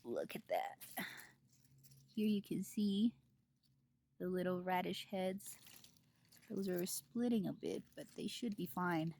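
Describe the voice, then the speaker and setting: A woman's voice: lowish voice, slow, long pauses. A woman giving a casual garden tour in her vlog, giddy and giggly, outdoors in her home garden. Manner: giddy, giggly, over-excited. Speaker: gardening vlogger.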